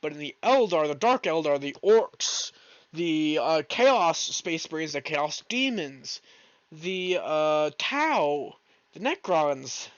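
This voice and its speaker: A young man hosting a solo podcast stream, swearing a lot, rambling, and breaking into exasperated yelling when alone at home. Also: on the high side, very animated, slow pace, no room sound, highs cut off. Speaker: podcast host. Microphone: streaming mic, leaning back from it.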